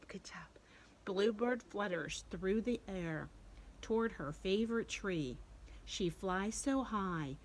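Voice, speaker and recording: Librarian lady doing storytime for little kids, slow and singsongy, bit of hiss behind. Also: medium pitch, rough recording. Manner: animated, sing-song, coaxing children along. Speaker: children's librarian. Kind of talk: storytime reading for young children.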